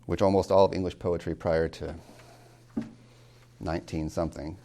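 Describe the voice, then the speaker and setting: A man's voice: sits low, little pitch movement, moderate pace, vocal fry, mellow, a little hiss or hum. A man lecturing as a college tutor on reading poetry, asking questions and answering them himself, and tapping out rhythms aloud.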